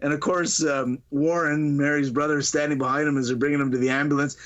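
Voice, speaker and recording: A man's voice: fairly high pitch, level tone, fast, dull audio, slight background noise. A man casually retelling a funny movie scene on a podcast, laughing often and acting out the characters' lines. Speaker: podcast co-host.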